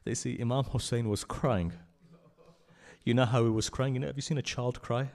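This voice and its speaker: A man giving a mourning sermon that moves from hushed, low telling to loud, high, tearful pleading, choked with tears. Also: steady tone, normal speed, gravelly. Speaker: speaker at a memorial gathering. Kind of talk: Shia majlis sermon with mournful recitation.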